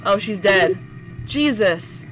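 A woman playing a horror game and commenting in a goofy, playful way, with baby-talk words, who gets excitable and jumpy when scared. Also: medium pitch, takes it slowly, low-quality recording. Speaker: gaming YouTuber. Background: loud eerie game music.

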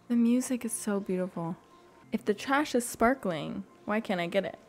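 A woman giving soft, gushing commentary while playing a cozy video game at home, often gasping and dropping into whispers. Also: a little high, animated, a little slow, soft background music. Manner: soft, gushing reactions, gasps and drops to whispers. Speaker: gaming YouTuber. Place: home room.

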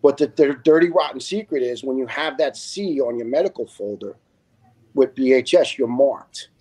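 A man's voice: medium pitch, normal speed, husky. Blunt, earnest storytelling middle-aged man. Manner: animated, acts out quoted dialogue. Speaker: retired fire lieutenant, podcast guest. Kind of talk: emotional first-person storytelling on a podcast.

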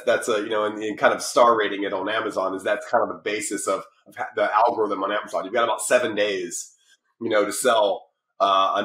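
A middle-aged man with a low-pitched voice, chatting as a podcast guest. He rambles with frequent restarts and fillers, and the sound bounces around a roomy space. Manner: rambling, lots of restarts and fillers, animated when telling stories. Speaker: podcast guest, publishing company founder. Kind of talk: casual interview talk.

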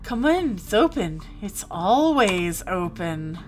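A woman's voice: mid-range voice, big pitch swings, slow pace, music in the background, pitched below the performer's own voice. A woman voicing a creepy, grinning male innkeeper and butcher in a comic game, who claims a lisp and stresses words oddly. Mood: sly. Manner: oddly stressed, falsely innocent talk.

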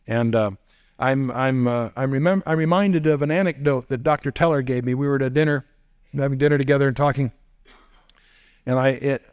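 A man's voice: mid-range voice, smooth. A man giving a teaching lecture as a Bible teacher, posing rhetorical questions and dropping wry asides. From United States.

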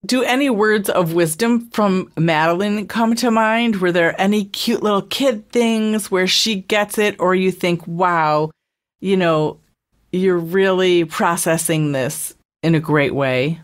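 Low-voiced woman podcast host. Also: takes it slowly. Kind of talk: casual interview conversation.

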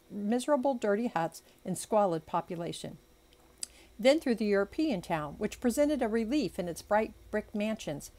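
A woman's voice: mid-range voice, a little mellow. A woman reading a classic novel aloud as an amateur audiobook, making chatty asides and stumbling over unfamiliar words. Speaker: audiobook reader.

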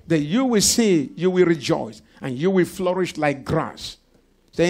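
Male pastor, gravelly, slightly high voice, preaching with congregation call-outs. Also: animated, unhurried, a little mellow. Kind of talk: sermon. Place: church service.

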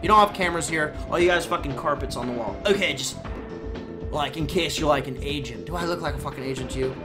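A man live-streaming to his chat in a crude, rambling, excitable way, swearing freely. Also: fairly high pitch, quick pace. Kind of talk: casual live-stream chatter to viewers. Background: game music.

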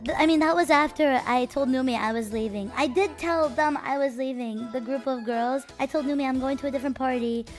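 A young woman streamer chats with her viewers in a high, bright voice. She moves from loud, defensive bursts to quiet asides. Faint music plays behind her. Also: fairly quick, hardly any pauses. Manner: animated, defensive, swings between loud and quiet. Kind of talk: casual storytelling to viewers.

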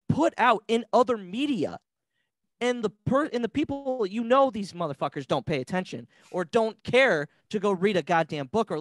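A man's voice: high voice, no echo. A man on a podcast vents with passion, dropping curses as he goes. The sound is dry and close, with no room around him. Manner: passionate, ranting, profane. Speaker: podcast guest. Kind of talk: casual podcast chat.

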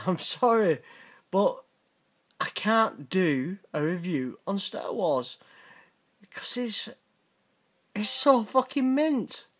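A British man in middle age hosts a casual reaction video, his voice sitting fairly high. He drawls unhurriedly through his points, blunt and sweary, with a teasing edge. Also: very animated, slow, pauses often, fairly bright tone. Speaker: channel host reacting to viewer messages.

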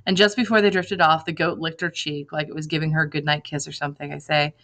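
A woman reading a novel aloud in lively first-person narration, acting out the dialogue. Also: deep voice, fast talker, poor audio. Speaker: reader.

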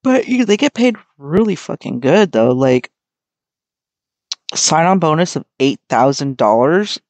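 A woman's voice: deep voice, expressive, a little slow, darkish tone, no room sound. A young adult American woman hosting her own podcast, talking in a rambling, frank, swear-heavy casual way. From United States. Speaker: podcast host. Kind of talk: casual solo podcast chat.

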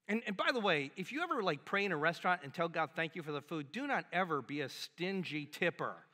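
A man preaching a sermon as a pastor, animated and conversational, acting out little quotes as he goes. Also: high-pitched, fairly quick. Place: church sanctuary. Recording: long hall reverb in a church.

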